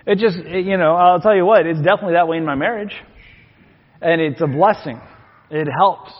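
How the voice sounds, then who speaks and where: A man's voice: a little high, a little fast. A man preaching a sermon as pastor, folksy and joking between readings from scripture. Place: church sanctuary. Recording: long hall reverb, dull lo-fi sound.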